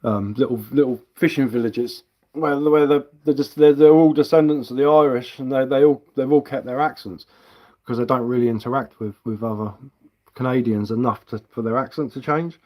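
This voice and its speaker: A man's voice: mid-range voice, a little fast, warm tone. A middle-aged man from England, chatting casually on a live stream, rambling, swearing freely and laughing often.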